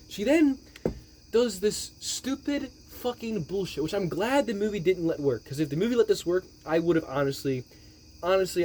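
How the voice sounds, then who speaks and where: A man's voice: mid-range voice, a little mellow, a little hiss or hum. A man giving a rambling, exasperated movie recap, swearing heavily as he talks. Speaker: movie reviewer. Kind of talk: profane movie recap rant.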